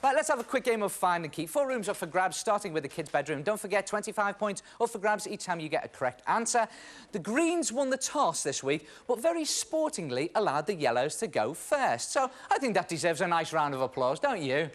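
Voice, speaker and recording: A man's voice: high-pitched, big pitch swings, a little fast. A British man hosting a children's game show in a TV studio, jokey and teasing. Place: TV studio set.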